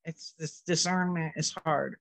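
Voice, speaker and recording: A man joining a prayer call to share a personal testimony, halting and full of restarts, getting weepy as he talks. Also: on the high side, steady tone, creaky, fairly bright tone. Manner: halting, many restarts, tearful. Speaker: participant sharing a testimony. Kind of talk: emotional personal sharing.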